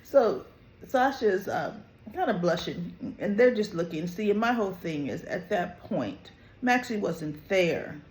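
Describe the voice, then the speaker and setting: A host giving an animated, opinionated casual review of a soap opera episode, with frequent "you know" and "right?" asides. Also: mid-range voice, unhurried, echoey room. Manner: animated, opinionated, quotes characters in lively voices.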